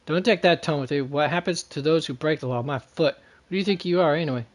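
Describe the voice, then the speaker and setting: A man's voice: fairly high pitch, fast, lightly acted. A man reading a brusque male thug boss. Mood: menacing. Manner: brusque, threatening. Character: threatening male thug boss, pushy and rude.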